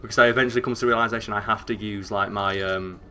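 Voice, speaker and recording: A young man with a northern English accent, chatting excitably and swearing as he streams a game, rambling with lots of fillers. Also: lowish voice, racing. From northern England. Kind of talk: casual gameplay commentary.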